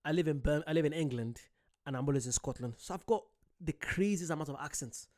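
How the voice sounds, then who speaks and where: Young male reaction host from Ireland, casual and excitable, quick to swear, a bit high. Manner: excitable, swears, laughs at himself.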